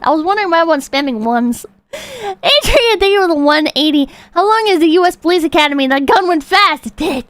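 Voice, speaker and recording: A woman livestreamer commenting casually on videos, with profane, excitable outbursts between calm readings of donations. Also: high voice, dry recording.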